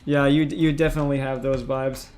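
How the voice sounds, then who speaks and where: A man's voice: medium pitch, level tone, brisk, a little mellow, soft background music. A man hosting a casual livestream chat, frank and profane, often stammering and restarting his sentences. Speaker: streamer host.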